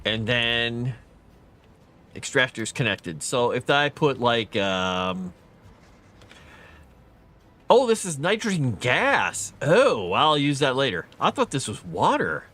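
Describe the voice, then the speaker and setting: While casually streaming a video game at home, a man with a mid-range, slightly bright voice talks slowly, pauses often and swings widely in pitch. He's chatty and stops to coo and baby-talk to his cat.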